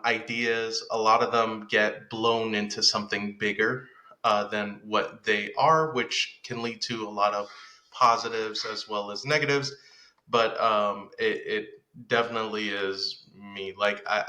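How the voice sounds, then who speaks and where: A young adult man co-hosting a podcast who talks in a reflective, halting way with many fillers. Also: fairly low pitch, bright, forceful tone, reverberant. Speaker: podcast co-host. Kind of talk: casual chat.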